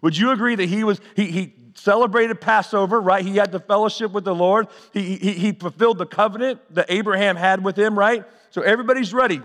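A man preaches a sermon with a voice pitched high for a man. He questions the congregation and swells and drops his delivery. A long reverb from the church hangs behind every line. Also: brisk, few pauses, fairly bright tone. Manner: preacher's call-and-response, rising and falling delivery. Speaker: pastor.

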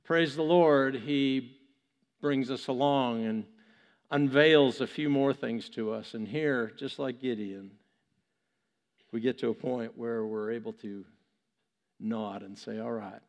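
A male pastor preaching a sermon, telling a story with animated, chuckling asides. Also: mid-range voice, slow pace, pauses often, in a large hall.

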